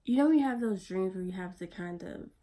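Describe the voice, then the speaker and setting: A woman vlogging in a blunt, profane pep-talk manner, sometimes dropping her voice to a soft near-whisper. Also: mid-range voice, lively intonation, fairly quick. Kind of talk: casual motivational vlog talk.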